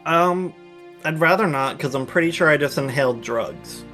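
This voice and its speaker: A man playing a tabletop game, talking with a wry, deadpan manner. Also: on the high side, normal speed, faint music behind. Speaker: player. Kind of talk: in-character table talk.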